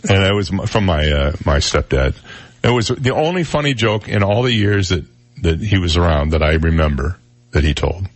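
A low-voiced man hosting a radio talk show in a dry studio sound. He rambles through old jokes and pokes fun at himself when he loses his place. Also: lively intonation, normal speed, dry recording. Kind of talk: casual on-air chat and joke telling.

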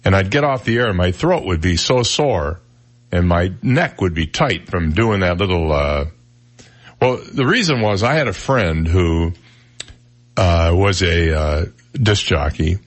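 A man in his sixties with a deep baritone voice, hosting a morning radio talk show and telling stories at a relaxed pace with plenty of fillers. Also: a little slow. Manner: relaxed storytelling with frequent fillers. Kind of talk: casual morning radio chat. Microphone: studio broadcast mic.

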